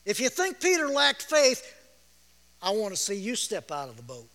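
A man gives a sermon at a moderate pace, his very high, bright, forceful voice swooping wildly in pitch. He tells the story with emotion, erupts into shouts, repeats himself often, and laughs quietly, with the long reverberation of a big church hall behind every word.

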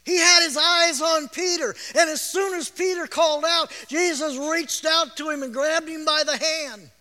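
A man preaching a sermon as a storyteller. He repeats words, laughs, and bursts out in loud shouts. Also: extremely high pitch, steady tone, normal speed. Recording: long reverb of a large hall.

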